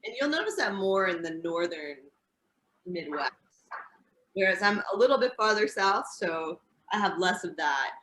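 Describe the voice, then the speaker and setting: A woman's voice: medium pitch, lively intonation, moderate pace, noisy background. A woman from Indiana with an American accent, explaining English pronunciation in a casual teaching chat.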